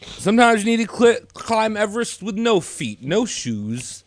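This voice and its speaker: Goofy lively-voiced man cracking jokes. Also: sits high, dry recording. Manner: goofy, jokey, quick with bits. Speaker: podcast co-host. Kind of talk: casual comedy podcast chat.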